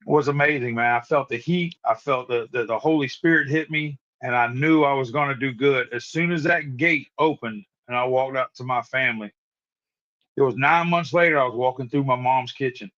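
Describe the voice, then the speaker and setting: A man in his forties tells his personal testimony in earnest, often repeating words and restarting sentences. His voice sits at an ordinary middle pitch. The sound is dull and muffled, like audio from a live-stream call. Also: moderate pace, a bit bright. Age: 40s. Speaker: guest sharing a recovery testimony. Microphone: remote live-stream call.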